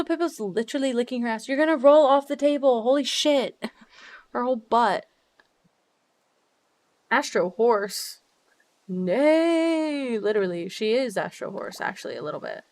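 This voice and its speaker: A young woman streamer chatting casually with her viewers while decorating in a game, bubbly and quick to swear. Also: fairly high pitch. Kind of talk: casual live-stream chat while gaming.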